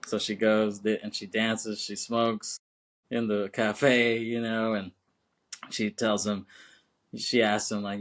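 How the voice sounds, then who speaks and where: A man's voice: lowish voice, steady tone, takes it slowly, long pauses. A man co-hosting a podcast, casually recapping a film with lots of fillers and laughs. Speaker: podcast co-host.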